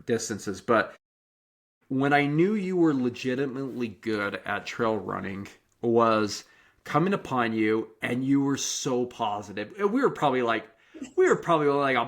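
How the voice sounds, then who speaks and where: A man hosting a running podcast, telling stories in a lively, chatty way with frequent restarts. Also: mid-range voice. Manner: animated storytelling, many restarts. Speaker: podcast host and running coach. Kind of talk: casual interview chat.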